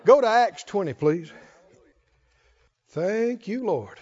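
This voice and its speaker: A man preaching a sermon as pastor, calling for responses from the congregation and rising into shouts. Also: sits high, animated, slow, husky, in a large hall, lo-fi sound.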